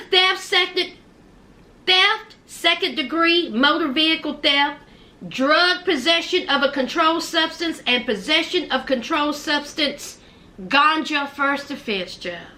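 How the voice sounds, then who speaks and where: A woman vlogger giving loud, animated gossip commentary and calling viewers child and honey. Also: sits high, slow.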